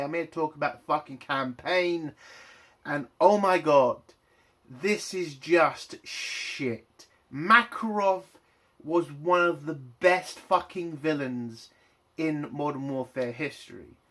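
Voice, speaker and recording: A man's voice: on the high side, a bit bright. A man and army veteran giving a heated, profane rant reviewing a game's campaign. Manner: angry, profane, exasperated. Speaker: game reviewer. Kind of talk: ranting game review.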